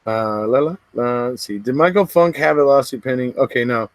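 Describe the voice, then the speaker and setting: A middle-aged man chats to his livestream viewers, rambling along and laughing between thoughts. His voice sits in an ordinary middle pitch. The sound is close and dry, with no room around it. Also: dry recording. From West Coast of the United States. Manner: rambling, chatty, quick laughs between remarks. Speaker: livestream host. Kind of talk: casual livestream chat.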